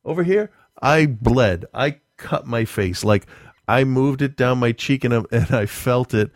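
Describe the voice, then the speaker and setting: A man chatting casually, swearing freely and telling stories with dark humor and frequent laughter. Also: mid-range voice, unhurried, no room sound, clean studio sound. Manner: profane, darkly joking, laughs often. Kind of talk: casual chat.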